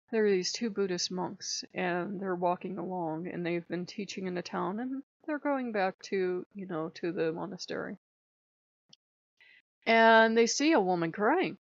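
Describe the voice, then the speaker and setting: A woman's voice: medium pitch, gravelly, dry recording. A woman vlogger telling a spiritual story in a casual, rambling way with many fillers. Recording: dull lo-fi sound.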